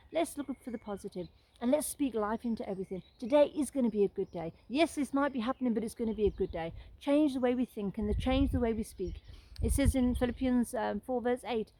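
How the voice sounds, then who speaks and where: A woman's voice: a little high, fast talker, mellow, low-quality recording. A middle-aged woman sharing a Christian testimony in a casual live stream, earnest and rambling, often restarting her sentences. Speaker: Christian vlogger sharing encouragement.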